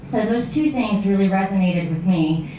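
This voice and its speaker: A woman's voice: medium pitch, animated, normal speed, warm tone. A woman who works at a nonprofit, answering interview questions thoughtfully with frequent fillers. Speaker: nonprofit staff member. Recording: echoey room from a distant mic with faint noise.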